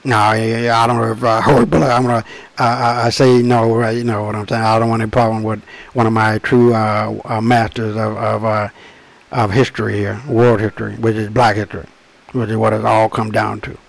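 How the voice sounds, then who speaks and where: A man presenting his own book in a rambling monologue, emphatic and profane, often slowing to drag out his words, with frequent restarts and asides. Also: fairly low pitch, flat delivery, vocal fry, low-quality recording. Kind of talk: rambling direct-to-camera monologue.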